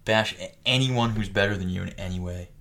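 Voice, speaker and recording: A man's voice: sits low, fairly quick, gravelly, fairly bright tone. A young man co-hosting a podcast, teasing his friend, laughing and swearing. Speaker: podcast co-host. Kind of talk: casual chat.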